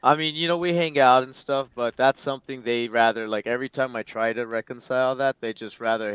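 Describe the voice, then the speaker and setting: A man's voice: medium pitch, fairly quick, few pauses, fairly bright tone, clear, resonant tone, dry recording. A man in his late twenties, a guest in an interview, telling a painful personal story in a candid, emotional way, swearing freely and acting out the quoted dialogue. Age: late 20s.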